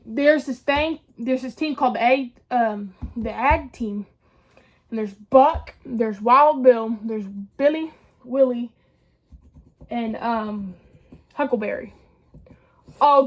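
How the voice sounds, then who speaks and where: A young woman telling a story in a casual, animated way, full of slang and swearing. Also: a little high, unhurried. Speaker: vlogger.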